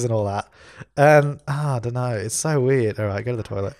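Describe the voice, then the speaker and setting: A man's voice: medium pitch, brisk, hardly any pauses, a little mellow, no echo, studio quality. A man hosting a let's play, chatting casually and giving orders to the characters on screen as he plays. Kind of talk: casual gameplay commentary.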